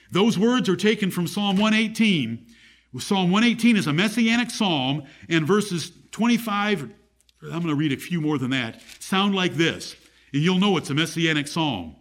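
Guy preaching a bible lesson, slightly high voice, asks the room questions, reads verses out loud. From United States. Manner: reads scripture aloud in a raised, declaiming voice, asks the audience questions. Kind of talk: Bible teaching sermon.

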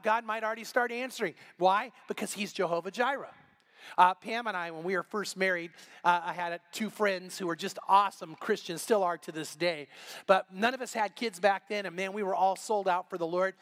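A middle-aged male pastor with a high voice delivers a sermon in a church, his storytelling animated as he acts out each person in the tale. He shifts into the characters' lines with energy. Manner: animated storytelling, acting out dialogue.

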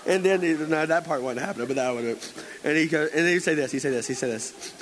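A man's voice: on the high side, quick pace, rough recording. A man preaching a conversational sermon, telling stories in a chatty, playful way with lots of fillers and acted-out quotes.

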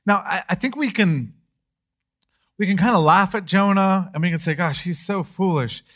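A middle-aged male pastor delivering a sermon in a slightly higher-than-usual voice. He preaches with animation, rising in pitch and force as he acts out the speakers of the text. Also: normal speed.

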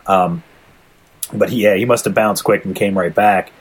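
A man's voice: on the low side, steady tone, moderate pace, slightly rough, low-quality recording. A man co-hosting a casual anime discussion podcast, laid-back and jokey, laughing easily. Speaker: podcast co-host.

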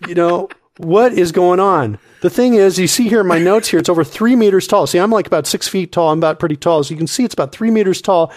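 A man telling absurd comic stories on a podcast, rambling and excitable, often laughing at his own tale. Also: sits high, fast, hardly any pauses. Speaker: comedy podcast regular.

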